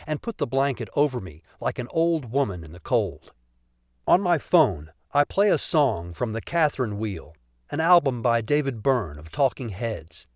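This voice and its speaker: Animated male audiobook narrator. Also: mid-range voice, dry recording, studio quality. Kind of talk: first-person comic audiobook narration.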